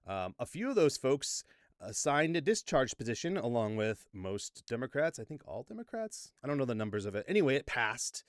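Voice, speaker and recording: A man with a medium-pitched, sing-song voice talks briskly, recorded cleanly in a studio with no echo. He hosts a casual political commentary vlog from a green-screen setup at home, goofy and rambling and joking at his own expense.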